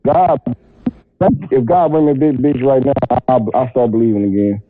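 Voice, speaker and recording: A man's voice: mid-range voice, lively intonation, moderate pace, background noise. Profane joking Texan man on a phone line. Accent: Texan Southern US. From Texas, USA. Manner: loose profane storytelling with laughs. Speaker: caller guest. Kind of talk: casual call-in podcast chat. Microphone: phone call. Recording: tinny dry phone line.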